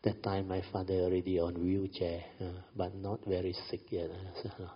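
A man's voice: deep voice, little pitch movement, normal speed, husky. A middle-aged man with a Malaysian English accent tells a family story in a chatty way, often adding "you know". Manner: chatty, frequent "you know", light laughs. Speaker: speaker recounting a family story. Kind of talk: storytelling talk. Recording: dull recording with long hall reverb.

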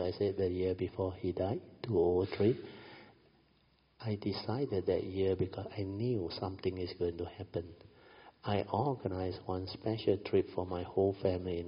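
A middle-aged man with a husky, low voice and a Malaysian English accent shares a family story in a chatty style, laughing lightly and saying "you know" a lot. The recording is dull and carries a long hall reverb.

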